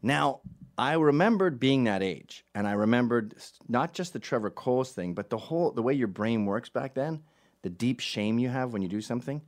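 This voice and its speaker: A middle-aged man from Canada telling a funny personal story in a loose, animated way, acting out the voices of everyone in it. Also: mid-range voice, moderate pace. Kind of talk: comedic storytelling.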